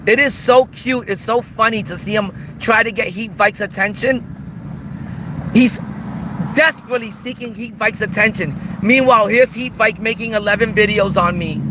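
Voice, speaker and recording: High-voiced guy on a livestream going off, mocking and repetitive, cars loud in the back. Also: normal speed, background noise. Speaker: streamer host. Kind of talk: livestream rant.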